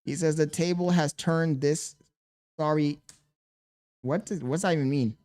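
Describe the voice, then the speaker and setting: A man's voice: a little high, fairly even intonation, unhurried, a little mellow. Exasperated young male streamer. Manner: exasperated, talks to chat and his baby. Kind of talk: casual livestream chat.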